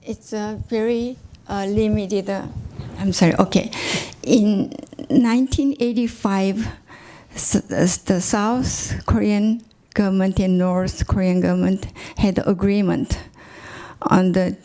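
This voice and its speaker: A woman on a panel, earnest and measured. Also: mid-range voice, steady tone, dark tone. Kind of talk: panel discussion remarks.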